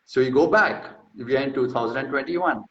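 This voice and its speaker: A man's voice: mid-range voice, a little fast. Brash, profane man in an echoey room. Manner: brash, profane and mocking, boastful asides. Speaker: host. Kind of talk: casual talk reading through a research paper. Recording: echoey room, slightly dull sound.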